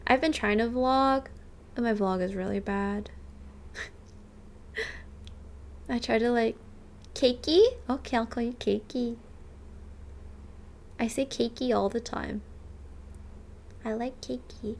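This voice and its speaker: Chatty young woman with a gravelly voice. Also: a little high, steady tone, slow, long pauses. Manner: chatty and bubbly, lots of "like", thanks subscribers by name. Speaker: livestreamer. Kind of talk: casual chat with viewers. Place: rented apartment.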